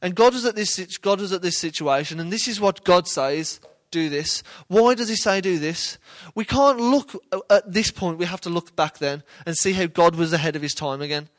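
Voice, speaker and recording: A man's voice: high voice, fairly quick, few pauses. A man giving informal Bible teaching in a conversational way, often checking in with his listeners. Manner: conversational, questioning the audience.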